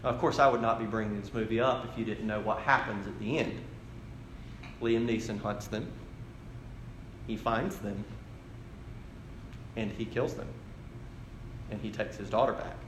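A man's voice: fairly even intonation, a little slow, long pauses, roomy sound, a little hiss or hum. A man, a pastor preaching a sermon in a conversational storytelling way. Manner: storytelling, conversational, shifting to low dramatic delivery.

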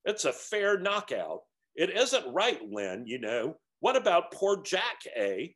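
A man's voice: medium pitch, huge pitch swings, unhurried, fairly bright tone. A man voicing a big, resentful male ghost in a story reading, speaking in a raised, strained, indignant voice.

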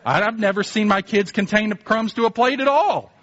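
A man's voice: sits high, brisk, a bit bright, dull audio, voice pushed up. A man voicing a humble, pleading foreign mother who argues her case earnestly.

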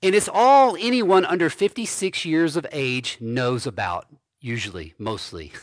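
Male pastor, sermon delivery, deliberate slow pace, dry close sound. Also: on the high side, animated, no room sound. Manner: slow, emphatic preaching with repeated phrases.

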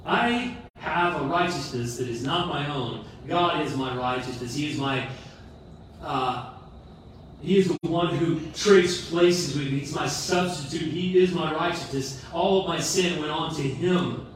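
A middle-aged man preaches a heartfelt sermon with self-deprecating humor. His voice sits slightly high and carries a lot of echo. He sounds a little distant from the mic, with faint ambience behind him. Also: a little slow, slight background noise. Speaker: pastor. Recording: roomy echo from far off the mic.

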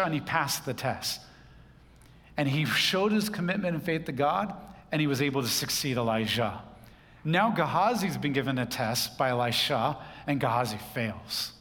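A man's voice: mid-range voice, a bit bright, in a large hall. A man preaching a sermon, teaching through a Bible passage in a conversational way with humorous asides.

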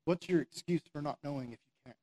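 A male preacher with a fairly high voice gives a fired-up sermon from a stage. He talks in a loose, conversational way, firing rhetorical questions at the listeners. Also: fast talker. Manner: energetic and conversational, with lots of "like". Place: stage before an audience.

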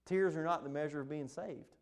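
A man's voice: on the high side, a little fast. A man, preaching a sermon in an impassioned, emphatic way. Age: 20s. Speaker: pastor.

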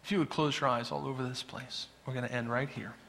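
Storytelling pastor in a reverberant hall. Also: male voice, medium pitch, steady tone, fast, gravelly, a bit bright, a little hiss or hum. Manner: humorous storytelling, swelling to an impassioned close. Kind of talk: sermon with personal story.

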